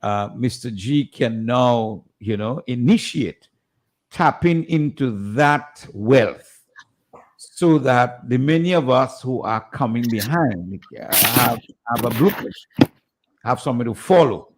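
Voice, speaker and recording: A man on a tribute committee speaking on radio, halting and full of restarts and fillers. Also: medium pitch, lively intonation. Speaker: committee member.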